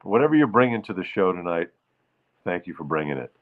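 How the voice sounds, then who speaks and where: A man's voice: sits low, very animated, quick pace. A man hosting a casual live show, singing an old love song with a ukulele and chatting playfully with viewers by name. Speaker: livestream show host. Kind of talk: casual livestream chat with ukulele songs. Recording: phone-like streamed audio with faint ukulele.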